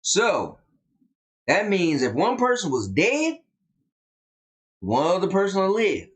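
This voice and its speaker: A man's voice: high-pitched, wildly swooping pitch, slow pace. A man with a Southern US accent co-hosting a casual live stream, drawling and emphatic as he tells a story. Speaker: co-host.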